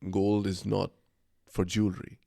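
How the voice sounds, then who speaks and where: A man's voice: fairly low pitch, flat delivery, unhurried, gravelly, mellow, no echo, clean studio sound. A man co-hosting a podcast, talking casually in a rambling, enthusiastic way with plenty of fillers and restarts. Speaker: podcast co-host. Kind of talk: casual conversation.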